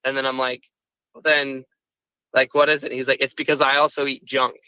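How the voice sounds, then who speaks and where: A man's voice: medium pitch, level tone, fairly quick, pushed and bright, smooth, no room sound, rough recording. A man in his twenties calling in to a podcast, rambling and filling his talk with "like" and "right". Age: 20s. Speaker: caller. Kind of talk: casual call-in chat.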